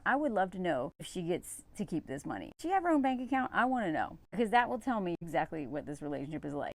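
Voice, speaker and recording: A woman's voice: fairly low pitch, very animated, quick pace, few pauses. A woman giving reaction commentary while reading an article aloud, with a sarcastic, exasperated, conversational manner.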